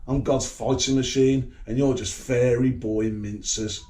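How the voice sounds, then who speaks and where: Speaking with a British accent, this vlogger delivers a rambling, profanity-laden monologue to camera, full of swagger and aggression. His voice is medium-pitched, steady and dark in tone, and he talks a little slowly.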